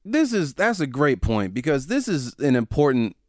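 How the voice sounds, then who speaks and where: A man's voice: medium pitch, sing-song, normal speed, no room sound, studio quality. A man co-hosting a casual podcast chat, talking emphatically and backing his points with examples. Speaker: podcast co-host.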